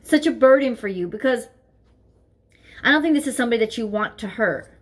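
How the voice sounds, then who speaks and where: Seated at her desk at home with her dog nearby, a woman gives a tarot reading in a fairly high, expressive voice at a brisk pace. She talks earnestly, repeating herself as she thinks aloud.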